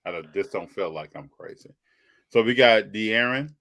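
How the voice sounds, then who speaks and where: A man's voice: lowish voice, expressive, normal speed, a bit bright. A man hosting a live sports and trading card podcast, chatting casually and greeting viewers by name. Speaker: podcast host. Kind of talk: casual live show chat.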